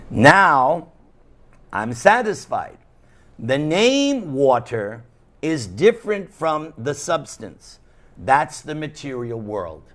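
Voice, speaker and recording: A man with a New York accent giving a devotional lecture, slow and emphatic, leaning hard on key words with a playful touch for his live audience. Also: on the high side, big pitch swings, fairly bright tone. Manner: slow, emphatic, sing-song rise and fall on key words. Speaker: monk lecturer.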